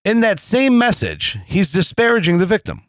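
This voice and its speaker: A man's voice: sits high, huge pitch swings, moderate pace, no echo. Blunt, profane male podcast host. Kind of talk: political podcast interview.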